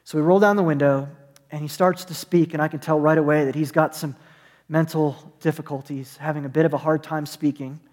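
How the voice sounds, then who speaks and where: A man's voice: fairly high pitch, fairly even intonation, brisk, a little mellow, big-room sound. A man preaching a sermon as pastor, telling a story and acting out the voices of the people in it. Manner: storytelling, acts out voices in anecdotes. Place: church, online service.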